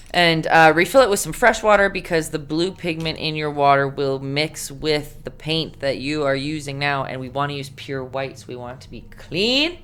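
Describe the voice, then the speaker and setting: This painting instructor has a deep voice with a fairly bright tone. She runs a live-streamed lesson, chatting warmly, encouraging her viewers, and humming as she works.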